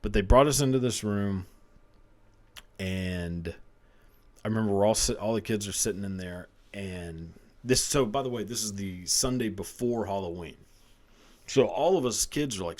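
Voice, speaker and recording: A man's voice: low voice, a little mellow. A man in his thirties, a podcast host, telling a profane, rambling comic story and laughing often. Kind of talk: casual comedic storytelling.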